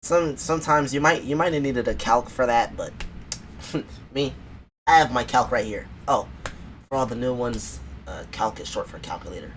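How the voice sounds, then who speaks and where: A man's voice: mid-range voice, normal speed, background noise. A man streaming a casual reaction, talking bluntly and swearing freely.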